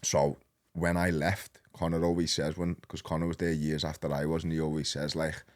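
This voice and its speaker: Scouse guy in his 30s, super deep low voice, rambling casual story, lots of lad and bro. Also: brisk. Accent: Liverpool. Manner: rambling and animated, peppered with slang. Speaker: podcast guest.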